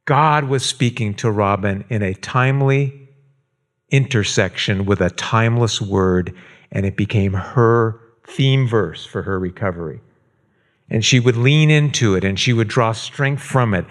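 Speaking at a medium pitch, this middle-aged pastor relates a story in his sermon. His delivery is slow and deliberate, and he circles back to key phrases for emphasis.

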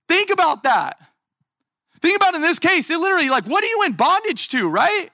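Male preacher, bright tone, dry close mic; lively, talky sermon with many questions. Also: extremely high pitch, a little fast, no room sound. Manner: animated, conversational preaching with rhetorical questions. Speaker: pastor.

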